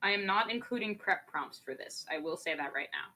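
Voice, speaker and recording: A woman's voice: medium pitch, expressive, fairly quick, pushed and bright. A woman hosting a livestream trivia game, upbeat and a bit scatterbrained. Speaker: game show host.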